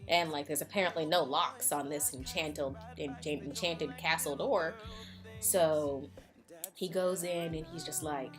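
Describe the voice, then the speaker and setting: A woman's voice: low voice, steady tone, a little slow, over music. A woman vlogger giving a sarcastic, casual retelling, full of fillers.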